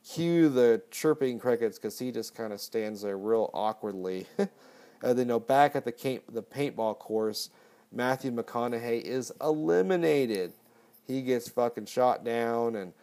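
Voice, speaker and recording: A man's voice: medium pitch, dark tone. A man casually recapping a movie, rambling and swearing often. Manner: profane, rambling. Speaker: podcast host.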